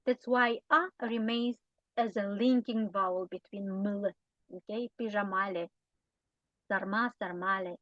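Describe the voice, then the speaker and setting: A woman's voice: medium pitch, fairly even intonation, measured pace, dry recording, highs cut off. A woman with a Romanian accent teaching a grammar lesson, explaining patiently and often checking in with short tag questions. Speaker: language teacher.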